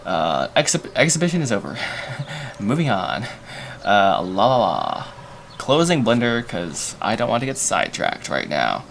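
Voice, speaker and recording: A man's voice: medium pitch, wildly swooping pitch, moderate pace, vocal fry, a bit bright, a little hiss or hum. Rambling young man thinking aloud. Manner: rambling, self-mocking, thinking aloud with many fillers. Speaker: animator and livestream host. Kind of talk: casual livestream chat while storyboarding.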